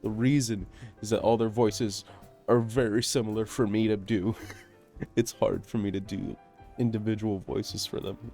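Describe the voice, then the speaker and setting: A man streaming a game, talking casually and haltingly with frequent restarts. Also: fairly low pitch, level tone, dark tone, soft background music. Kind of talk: casual gameplay commentary.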